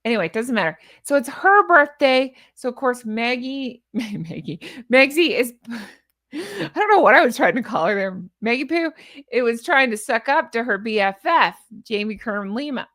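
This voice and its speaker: A woman's voice: fairly high pitch, very animated, moderate pace, a bit bright. A woman vlogger giving casual, sarcastic opinion commentary, rambling with asides and restarts. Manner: chatty, sarcastic, scoffing asides.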